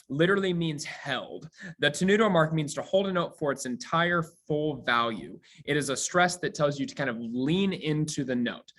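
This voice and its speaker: A man teaching a recorded high school music theory lesson, explaining casually with many ums and uhs. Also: fairly bright tone. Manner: explains casually with many fillers, sings scale demonstrations.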